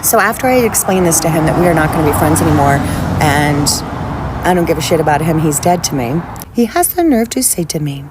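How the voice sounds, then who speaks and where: A woman's voice: low voice, expressive, a little fast, noisy background. A woman telling a story in a casual rant, blunt, angry and profane.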